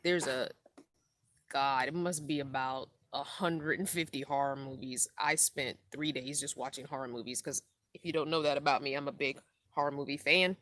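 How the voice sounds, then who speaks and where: With a rumbling low, fairly even voice of fairly bright tone, a middle-aged van-life vlogger speaks at normal speed on her casual live stream. Worn down by lack of sleep, she rambles comfortably and reads viewer comments aloud.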